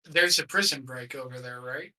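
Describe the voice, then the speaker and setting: Bright-voiced man playing a tabletop game. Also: medium pitch, moderate pace, low-quality recording. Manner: laughing, questioning. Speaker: player. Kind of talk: casual tabletop game play.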